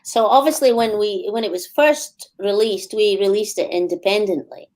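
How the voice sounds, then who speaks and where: A Scottish woman talks easily as a musician guest on a radio interview. Her chat is loose and friendly, broken by quick laughs. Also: mid-range voice, a little mellow. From Scotland.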